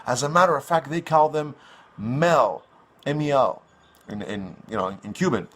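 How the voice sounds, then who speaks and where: A man doing a relaxed male lifeguard who waves off a swimmer's panic in a matter-of-fact way. His voice is bright and easy, and the delivery is casual and offhand, almost bored. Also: medium pitch, moderate pace, lightly acted. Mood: reassuring. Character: calm, reassuring adult male lifeguard.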